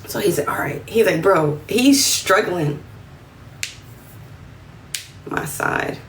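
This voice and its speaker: Her voice fairly low and her pace slow, a woman in her twenties with a New York accent tells a laid-back story on a livestream. Animated and full of slang, she performs quotes in a raised voice, positioned a bit back from the phone amid faint room noise in roomy audio.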